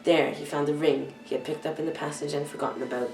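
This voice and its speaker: A teenage girl reading a children's novel aloud, careful and halting, often stumbling and correcting herself. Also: low voice, fairly even intonation, darkish tone, faint music behind. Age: teens. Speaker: youth reader. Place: church hall. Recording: echoey room, far from the mic.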